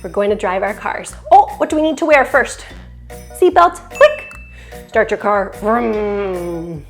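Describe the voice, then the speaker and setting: A woman's voice: on the high side, very animated, moderate pace, faint music behind. A young woman teaching a children's yoga class, encouraging and playful, singing short chants between poses. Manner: cheerful, encouraging, sings short chants and makes animal and siren sounds.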